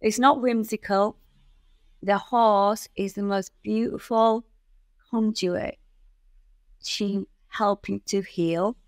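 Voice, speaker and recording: A woman guest on a podcast interview, telling stories in an animated way and acting out the people in them. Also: medium pitch, takes it slowly, long pauses, dry recording. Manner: animated storyteller who acts out the people in her stories. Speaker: guest, founder of a riding centre.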